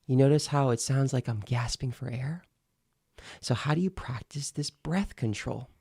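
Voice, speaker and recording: A man teaching speaking technique in an instructional video, deliberate and repeating key phrases for emphasis. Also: medium pitch, a little mellow, slightly rough, no room sound, studio quality. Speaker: speaking coach.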